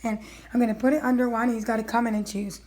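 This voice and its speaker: A woman's voice: fairly high pitch, little pitch movement, fast, a little mellow. A woman filming her dog at home, narrating casually and coaxing him with eager, encouraging talk. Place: at home, indoors.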